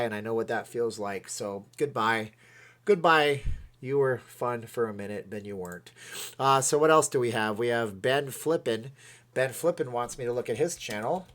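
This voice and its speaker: A man's voice: medium pitch, a bit bright. A man from Canada hosting a livestream, chatting casually, rambling and reading viewer comments aloud. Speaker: livestream host.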